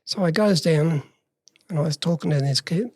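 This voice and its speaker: A man's voice: fairly high pitch, normal speed, darkish tone, dry recording, studio quality. Older Australian man telling life stories. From regional Western Australia. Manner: long story told in plain words, acting out past dialogue. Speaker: interview guest, former youth worker. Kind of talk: personal storytelling in a conversation.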